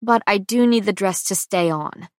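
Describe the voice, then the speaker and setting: A woman voicing a wry, impatient young heroine in an audiobook, speaking in a brisk, dry-humored way. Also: medium pitch, dry recording, natural voice. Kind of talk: audiobook character voice.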